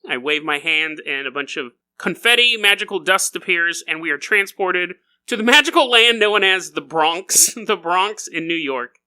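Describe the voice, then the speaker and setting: A man hosts a comedy podcast and spins goofy stories, laughing as he goes. His voice is high and very bright. His pitch swoops around with a lot of energy. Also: moderate pace, hardly any pauses, clear, resonant tone. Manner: goofy and animated, laughing as he talks. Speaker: podcast host. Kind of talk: comedic storytelling monologue.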